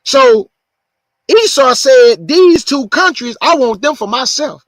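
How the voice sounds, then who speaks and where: A man hosting his show, preaching, repeating his points slowly for stress. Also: very high voice, big pitch swings, fairly bright tone, no echo. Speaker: show host. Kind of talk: preaching monologue.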